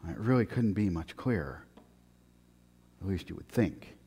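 A man preaching a sermon in an animated, joking way, swinging from loud punchy lines to very quiet ones. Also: sits low, a little slow, breathy edge, in a large hall. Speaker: pastor.

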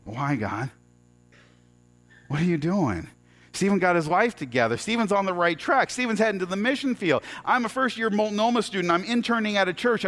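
A middle-aged man telling a personal story as a sermon, earnest and halting, often restarting his words. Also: high-pitched, a bit bright.

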